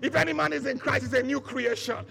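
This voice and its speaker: Pastor, male, very high gravelly voice, preaching with shouted bursts, faint music underneath. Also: fairly even intonation, fast. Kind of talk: sermon.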